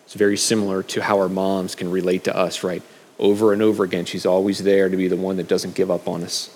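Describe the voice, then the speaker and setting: Man, middle-aged, relaxed preacher, lowish voice, long echo of a church hall. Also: quick pace. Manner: conversational, frequent fillers and restarts. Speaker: preacher sharing a message. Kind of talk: casual sermon with scripture readings.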